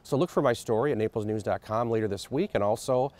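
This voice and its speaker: A man's voice: fairly low pitch, fast talker, a little mellow. A man, an entertainment editor, giving a chatty, playful update.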